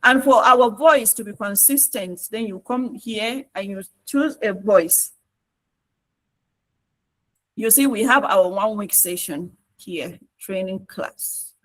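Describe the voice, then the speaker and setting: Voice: mid-range voice, takes it slowly, a bit bright, poor audio. A trainer with a Nigerian English accent gives an online tutorial and narrates each step on screen. The delivery is coaxing and repetitive, with frequent checks that the class is following.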